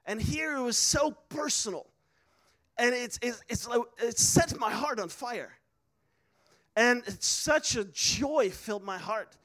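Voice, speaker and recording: A man's voice: extremely high pitch, lively intonation, slow pace, pushed and bright. A man preaching a sermon, telling a personal story earnestly with many fillers and restarts. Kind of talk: sermon testimony.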